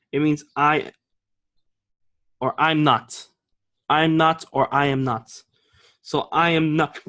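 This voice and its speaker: A man's voice: fairly high pitch, fairly bright tone. A man teaching an Arabic grammar lesson, explaining patiently and often checking with the class. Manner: reads example lines slowly and clearly.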